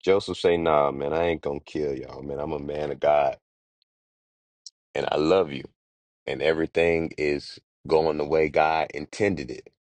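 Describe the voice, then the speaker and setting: Very deep-voiced man, slangy retelling. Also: fairly even intonation, darkish tone, no echo. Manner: slangy, quick, acts out characters in everyday street talk. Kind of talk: casual comedic retelling of a Bible story.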